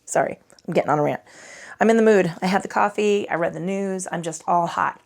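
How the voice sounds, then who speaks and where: Woman yoga teacher, low voice, gravelly, swears freely, rambling, tired. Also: fast talker. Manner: chatty, profane, rambling asides. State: tired from little sleep. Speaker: yoga instructor. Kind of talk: casual guided yoga class. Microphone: microphone.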